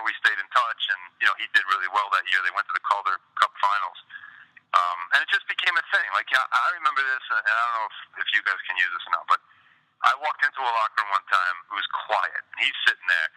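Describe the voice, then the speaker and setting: A man, a former hockey beat writer, telling stories casually as a podcast guest, animated and full of quick asides. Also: fairly low pitch, poor audio. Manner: animated, quick asides, quotes others in acted snippets. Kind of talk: casual storytelling.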